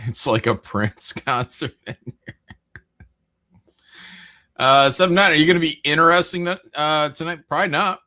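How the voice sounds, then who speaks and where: A man's voice: on the high side, animated, takes it slowly, pauses often, pushed and bright. A man hosting a casual live stream, rambling through chat messages with frequent jokes, laughs and swearing. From American Midwest.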